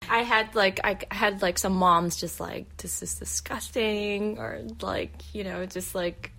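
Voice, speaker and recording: A woman's voice: medium pitch, fairly even intonation, unhurried, creaky, bright, forceful tone. A woman who immigrated to the United States, a comic artist talking casually as an interview guest, hesitant, with many fillers and restarts.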